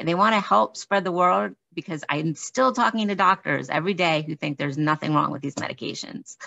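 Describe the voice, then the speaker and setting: A woman hosting an interview, speaking in a friendly, deliberate way as she introduces guests and asks questions. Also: fairly low pitch, vocal fry, sharp tone, no echo. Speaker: host. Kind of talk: conversational interview. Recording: dull lo-fi dry audio.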